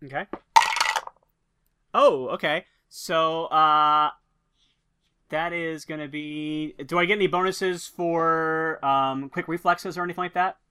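A man's voice: on the high side, steady tone, slow pace, pauses often, bright, forceful tone, smooth. A man playing a tabletop game, playful and asking about rules, recorded remotely from home. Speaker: player.

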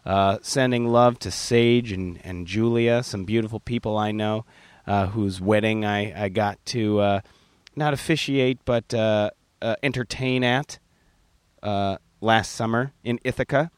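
A man's voice: lowish voice, fairly even intonation, unhurried, smooth, no echo. A man hosting a casual interview in an artist studio, earnest and affectionate. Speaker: podcast host.

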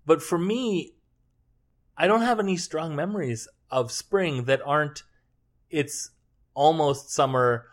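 A man's voice: a little high, takes it slowly, pauses often. A young man co-hosting a casual chat, joking and rambling, often correcting himself mid-sentence.

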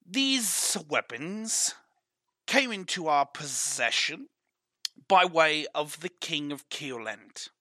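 A man's voice: a little high, bright, forceful tone, no echo, heavily acted. A man voicing a bold, scheming smuggler who talks in a flowery, persuasive way. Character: smooth-talking male smuggler, bold and scheming.

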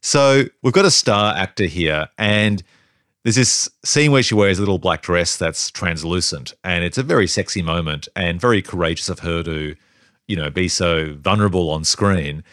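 A man co-hosts a podcast, chatting casually and animatedly about a film and laughing often as he thinks aloud. His deep voice is a bit bright and moves at a moderate pace. The recording is dry with clean studio sound.

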